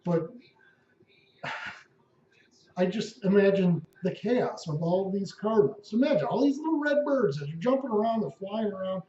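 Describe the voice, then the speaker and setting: A man's voice: high voice, expressive, moderate pace, long pauses, dark tone. A man at home delivering a wry, rambling, profane comic monologue. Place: at home, indoors. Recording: echoey room, dull lo-fi sound.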